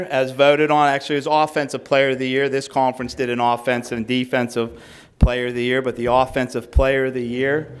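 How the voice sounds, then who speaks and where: A middle-aged high school football coach hands out awards at a team banquet, slowly calling names and drifting into rambling asides with plenty of fillers. His tone is clear and resonant.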